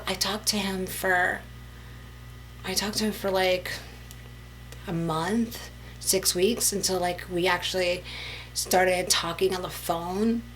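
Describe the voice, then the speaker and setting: A woman telling a personal story to camera in a casual storytime vlog, chatty and animated, full of "like" and "you know". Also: on the low side, takes it slowly, pauses often, slight background noise, low-quality recording. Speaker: vlogger.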